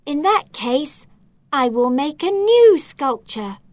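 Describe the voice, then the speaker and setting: A woman voicing a proud, excitable hen in a children's storybook, with a high, emphatic delivery. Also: slow, no room sound, heavily acted. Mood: bright. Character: proud excitable female hen, a chocolate sculptor. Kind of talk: storybook character voice.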